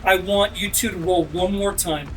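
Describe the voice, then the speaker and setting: At the gaming table, a game master narrates a sword fight at a moderate pace, his voice high for a man. He's energetic, pushing the action hard and shouting out sound effects over faint background music.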